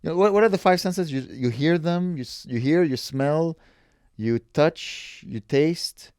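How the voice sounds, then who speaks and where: A man's voice: a little high, unhurried, darkish tone, smooth, dry recording, clean studio sound. A man co-hosting a podcast in casual chat, teasing his co-host, explaining things, and laughing often. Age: adult with a master's degree.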